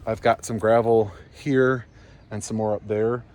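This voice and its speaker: A man's voice: fairly low pitch, fairly even intonation, a little slow, a little mellow. A man vlogging outdoors by his barn and driveway, rambling and easygoing as he explains his project into an action camera. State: out of breath. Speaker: homesteading vlogger. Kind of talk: casual vlog walkthrough.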